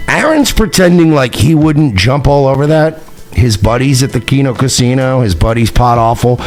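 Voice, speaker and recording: Man on a sarcastic, swearing rant. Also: mid-range voice. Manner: sarcastic, taunting, swings between shouting and muttering. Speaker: online show host. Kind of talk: profane mocking rant.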